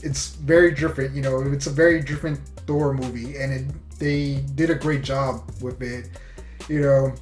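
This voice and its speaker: Eager and loose, a man with a slightly high voice offers a casual movie review, leaning heavily on "you know" and "like." His enthusiasm fills an echoey room, with faint music running underneath.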